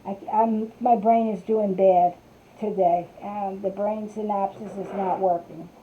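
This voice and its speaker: A woman's voice: medium pitch, fairly even intonation, slow pace, slight background noise. A woman hosting a live craft stream, rambling chattily and greeting viewers by name from their comments as she works. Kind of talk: casual live-stream chat. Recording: tinny phone-like sound.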